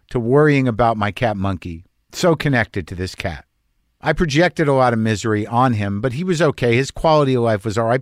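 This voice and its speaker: A man's voice: mid-range voice, no echo. A man telling a personal story in a candid, conversational monologue, emotional and close to tears.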